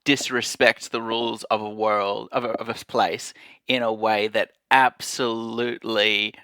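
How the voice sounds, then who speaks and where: A man with a bright, sharp voice chatting on a podcast, tossing in quick teasing prompts. The recording is dry and close. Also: fairly low pitch, flat delivery, clear, resonant tone, no echo. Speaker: podcast regular. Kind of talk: casual chat.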